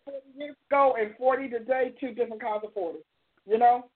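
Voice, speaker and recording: A woman's voice: on the high side, fairly even intonation, fast. A woman in her sixties, a pastor hosting a live call-in show, counseling a caller and praying in an emphatic, repetitive preaching cadence. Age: 60s. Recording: tinny phone-like sound.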